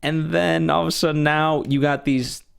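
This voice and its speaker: A man's voice: a little high, normal speed, creaky, clear, resonant tone. A man co-hosting a movie review show, talking casually and rambling with frequent restarts. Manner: rambling, with many restarts, animated. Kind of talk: casual film review chat.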